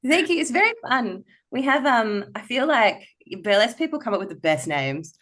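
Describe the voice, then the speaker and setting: A woman's voice: on the high side, normal speed. A woman from Perth, a guest on a podcast, telling stories playfully and acting out little quotes with frequent laughs. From Perth, Australia. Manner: playful, animated storyteller who acts out quotes and laughs often. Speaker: burlesque performer, podcast guest. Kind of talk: casual interview chat.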